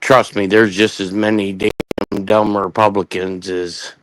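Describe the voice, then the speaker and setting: Slow-talking man, low voice. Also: level tone, slight background noise. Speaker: campaign manager. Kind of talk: casual chat.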